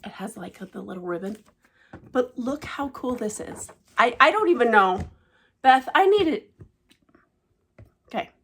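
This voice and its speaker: A woman vlogging casually about cross-stitch gifts, gushing and emotional, often dropping to a hushed, delighted voice. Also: a little high, lively intonation, a little slow, pauses often, slight background noise. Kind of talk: casual show-and-tell vlog.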